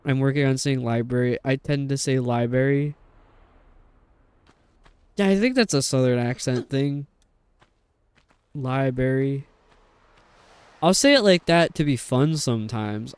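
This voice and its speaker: A man's voice: mid-range voice, smooth. A young adult man streaming a game, chatting in a rambling, casual way with lots of fillers. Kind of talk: casual chat while playing a game.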